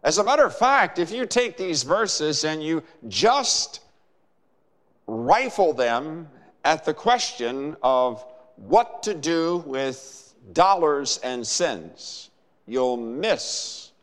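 Male preacher, slow and deliberate, lively rising and falling delivery, long church reverb. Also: a little high. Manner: measured, emphatic preaching with dramatic pauses. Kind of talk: sermon.

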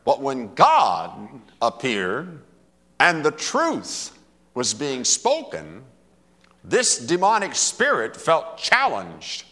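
Slow, dramatic male preacher. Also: mid-range voice, huge pitch swings, sharp tone. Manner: dramatic, emphatic storytelling. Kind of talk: sermon. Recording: long hall reverb.

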